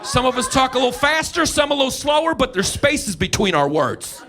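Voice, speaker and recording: A middle-aged man from the United States doing a live stand-up set, ranting brashly and profanely with loud mocking impressions, on a comedy stage with a handheld mic. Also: extremely high pitch, sing-song, brisk. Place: comedy stage before a laughing audience. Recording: noisy live club recording.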